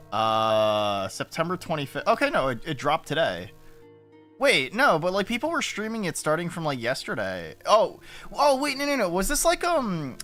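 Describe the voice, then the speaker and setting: A man's voice: on the high side, sharp tone. A man streaming from his room on a desk mic, chatting in a rambling, self-interrupting way and swearing often. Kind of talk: casual live-stream chat. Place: home room. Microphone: desk mic with noise gate.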